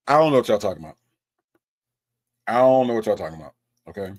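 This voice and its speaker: Gravelly, lively-voiced man hosting. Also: medium pitch. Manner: animated, teasing, repeats words fast. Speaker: live show host. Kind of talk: mocking commentary on a call recording.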